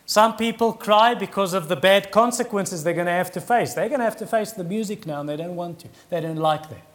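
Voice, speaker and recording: A middle-aged man preaching a sermon in an earnest, conversational way that rises in emphasis. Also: sits high.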